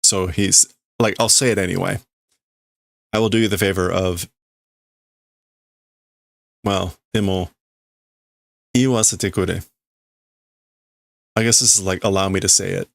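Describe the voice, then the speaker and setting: A man's voice: low voice, steady tone, a little slow, creaky, long pauses, no room sound, studio quality. A man livestreaming as he reads and translates manga in a casual way, thinking aloud and often stopping to correct himself.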